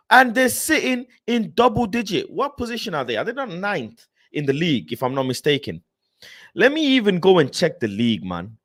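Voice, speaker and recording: A young man rants through a casual live stream from his room at home, frustrated and swearing. His voice sits fairly high and swings all over the place, rising and dropping as he talks. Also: fairly bright tone. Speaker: football streamer.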